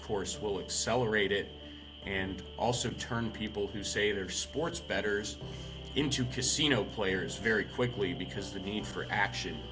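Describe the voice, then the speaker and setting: A man's voice: on the low side, measured pace, music in the background, poor audio. A man giving an earnest, reflective interview answer.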